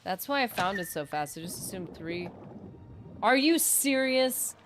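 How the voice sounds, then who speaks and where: There's slight background noise as an expressive woman with a mid-range voice talks in an unhurried way. She's streaming a game and chatting casually, rambling along, laughing at her own expense, and abandoning sentences to restart them.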